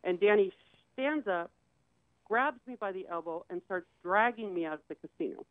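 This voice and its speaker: A woman's voice: medium pitch, animated, normal speed, no room sound. A woman tells a dramatic personal story in vivid detail and slips into the voices of the people she quotes. Her voice comes through thin and boxy, like a phone line, with no room sound around it. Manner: vivid, acts out quoted dialogue. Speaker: guest sharing her story. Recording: tinny phone-like dry sound.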